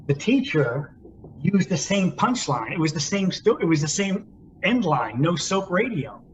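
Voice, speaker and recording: A man's voice: fairly high pitch, big pitch swings, measured pace. A man in his fifties, a podcast co-host, telling stories in casual chat in a reflective, thoughtful way. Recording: muffled lo-fi with faint hiss.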